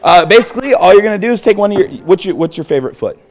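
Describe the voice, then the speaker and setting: A man's voice: high-pitched, expressive, very fast, some chatter behind. A young man with a Texan accent teaching a self-defense class in a church hall, upbeat and encouraging, laughing often. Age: young adult. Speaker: martial arts instructor.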